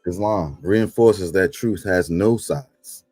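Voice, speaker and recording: A man with a low voice reads aloud during a class, measured and stressing important words. The sound is very dry and close. Faint music plays underneath. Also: dark tone, no room sound. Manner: measured, stressing key words when reading. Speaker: student reading aloud in class.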